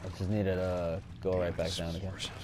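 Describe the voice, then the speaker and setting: A man giving let's play commentary, cursing often and jumping from quiet muttering to panicked shouts. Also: sits low, little pitch movement, fast, background noise. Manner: swears a lot, swings from muttering to panicked yelling. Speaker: gaming channel host.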